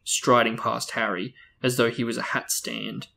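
Gravelly man reading a novel aloud. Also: mid-range voice, flat delivery, moderate pace, bright, forceful tone. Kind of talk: reading a book aloud for discussion.

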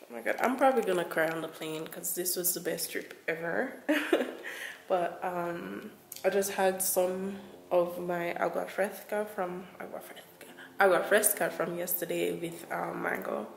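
A woman's voice: lowish voice, unhurried, vocal fry, echoey room, a little hiss or hum. A young woman travel vlogger talking casually to camera in a rambling, effusive way, often repeating her words.

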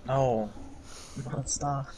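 A young man joking and making quick callouts while gaming with friends. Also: medium pitch, steady tone, background noise. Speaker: gamer in voice chat. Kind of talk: casual gaming banter.

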